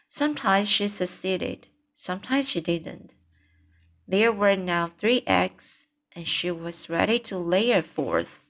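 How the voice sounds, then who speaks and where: A woman reading a children's book aloud, slowly and carefully, stopping to repeat sentences she stumbles on. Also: medium pitch. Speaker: reader.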